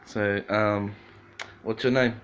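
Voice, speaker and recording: A man's voice: on the low side, fairly even intonation, takes it slowly. A man filming on a phone in a home kitchen, asking teasing questions in a casual chat. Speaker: person filming.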